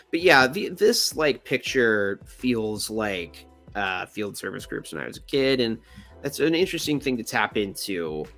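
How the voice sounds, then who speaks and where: A young adult man hosting his channel, rambling and joking in casual commentary on pictures. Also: gravelly. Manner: rambling, joking, animated pitch swings. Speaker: channel host.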